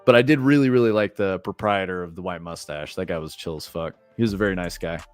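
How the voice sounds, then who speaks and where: A man's voice: low-pitched, fast. A young American man telling rambling, profane stories on a livestream, with lots of likes and fillers. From United States. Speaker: streamer. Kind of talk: casual storytelling on a livestream. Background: faint music.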